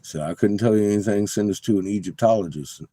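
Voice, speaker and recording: A middle-aged man with a low, dark voice talks in a casual, rambling monologue. He swears freely and gets excitable and conspiratorial as he points out shapes in his rocks. He is recording inside an RV. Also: quick pace, no echo. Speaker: vlogger showing rocks.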